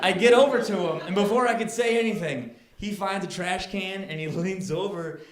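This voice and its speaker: A male stand-up comedian telling a story, acting out the people in it and getting loud and exasperated. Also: high voice, normal speed, a little hiss or hum. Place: comedy club stage. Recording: echoey club with crowd laughter. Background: audience laughing.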